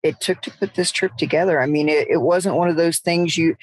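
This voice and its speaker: A woman's voice: sits low, brisk, no room sound, low-quality recording. Southern woman co-hosting a podcast. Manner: friendly, with frequent restarts. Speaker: podcast co-host. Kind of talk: casual podcast chat.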